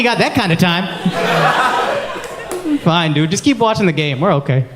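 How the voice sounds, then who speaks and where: A man in his thirties doing stand-up comedy and crowd work, loud and animated, shouting his punchlines in put-on voices. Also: high voice, moderate pace. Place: comedy club stage before a laughing crowd. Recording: roomy live club sound with loud crowd noise.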